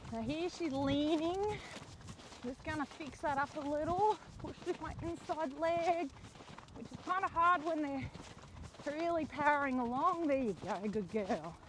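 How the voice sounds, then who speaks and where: A young woman speaks slowly and calmly in a fairly high voice as she rides, coaching and softly praising her horse. Faint hoofbeats and outdoor noise sit behind her voice. She sounds slightly breathy from the effort of riding. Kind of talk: narrated riding lesson while training a horse. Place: outdoor rural riding arena.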